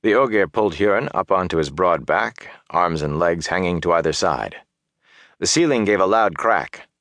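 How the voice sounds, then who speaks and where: A man narrating a fantasy audiobook in a steady, measured storytelling voice. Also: low-pitched, no echo.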